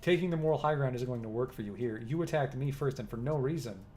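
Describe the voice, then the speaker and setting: A man's voice: mid-range voice, quick pace, a little mellow, a little hiss or hum, natural voice. A man reading aloud the lines of a hostile, brash young female hacker. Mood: earnest. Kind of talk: reading game dialogue aloud.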